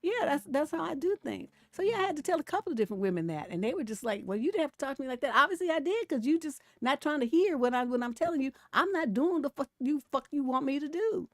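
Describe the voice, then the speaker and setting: A middle-aged woman hosts a casual relationship-advice livestream in a fairly high voice. She talks bluntly and with plenty of profanity, shifting between laid-back chat and heated outbursts. The sound is close and dry. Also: big pitch swings, fast, few pauses, no room sound. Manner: laughs between points. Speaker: relationship coach hosting a livestream.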